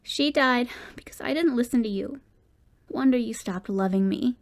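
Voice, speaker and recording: A woman's voice: a little high, normal speed, close to an everyday voice. A woman reading as a sullen, guilt-ridden teenage boy. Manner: curt and sullen.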